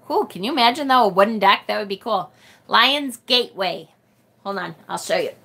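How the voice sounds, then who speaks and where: A middle-aged woman with a Rochester, New York accent, hosting a casual tarot livestream and reading viewer comments aloud, chatty and quick to laugh. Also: mid-range voice, expressive, creaky, pushed and bright, slightly rough. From United States. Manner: chatty and bubbly, laughs often, trails off and restarts.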